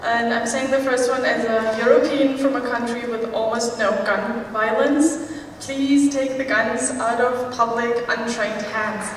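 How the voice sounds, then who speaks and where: Polite eager fan from germany, bit high voice, far away in an echoey convention hall. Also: female voice, steady tone, measured pace, crowd noise, background noise. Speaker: fan asking a question. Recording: distant, echoey hall recording.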